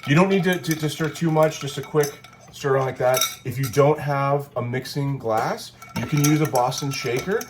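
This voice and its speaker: With background noise in the clip, a man of medium pitch speaks at a normal speed. He co-hosts a cocktail video, casually demonstrating a drink at home, rambling as he jokes and corrects himself.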